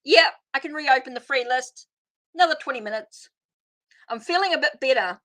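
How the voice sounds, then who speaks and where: Woman, middle-aged, live-stream tarot host, chatty, rambling, high bright voice. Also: lively intonation, moderate pace. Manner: chatty and rambling, greets viewers and answers their comments. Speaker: tarot reader hosting a livestream. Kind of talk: casual live-stream chat.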